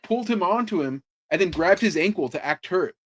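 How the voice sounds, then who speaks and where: A man on a podcast telling sports stories in a casual, animated way, swearing freely and saying "like" a lot. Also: high-pitched, a little fast. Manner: animated storytelling, swears freely, lots of "like" fillers. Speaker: podcast host. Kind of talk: casual chat.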